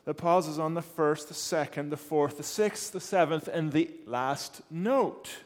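A man playing a patient mother gently coaxing her son, in a soft, encouraging tone. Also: on the high side, measured pace, big-room sound, natural voice.

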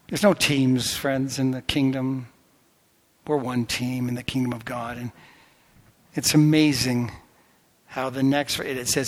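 A man preaching a sermon as pastor, impassioned, swinging between loud exclamations and hushed whispers. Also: medium pitch, fairly even intonation, unhurried. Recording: long reverb of a large hall.

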